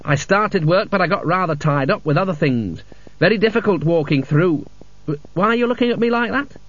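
A man's voice: high-pitched, lively intonation, fairly quick, no room sound, voice pushed up. A man reading an audiobook, voicing a scruffy, cheerfully vague male wizard who rambles apologetically, on a dull lo-fi recording. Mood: mild, rambling.

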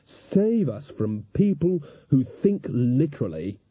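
An actor playing a cold, haughty older female witch, speaking in a cool, measured and superior way. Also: mid-range voice, very animated, dark tone, husky, no echo, heavily acted. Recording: dull, dry lo-fi recording.

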